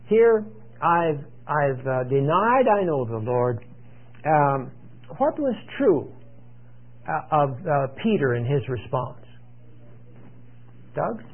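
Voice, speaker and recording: A man's voice: a little high, expressive. Man teaching Bible study over tinny radio. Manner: retells scripture conversationally with many fillers and pauses. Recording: tinny radio broadcast sound.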